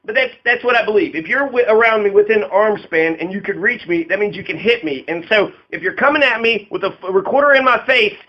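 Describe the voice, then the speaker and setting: A man's voice: high-pitched, a little fast, hardly any pauses. A man giving casual political commentary, rambling and profane, laughing often and acting out quotes in a raised voice. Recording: dull lo-fi audio.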